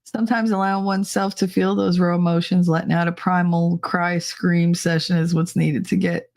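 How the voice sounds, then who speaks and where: A woman's voice: on the low side, flat delivery, normal speed, darkish tone. A middle-aged woman hosting a live podcast stream, chatting casually with viewers, teasing and swearing, often laughing. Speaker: livestream podcast host.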